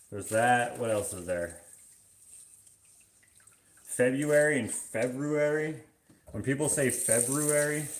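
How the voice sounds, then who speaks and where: A man's voice: fairly low pitch, a little hiss or hum. A man with a Canadian accent chatting casually at home while washing dishes, musing aloud and wandering between thoughts with lots of fillers. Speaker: vlogger. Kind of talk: casual rambling chat.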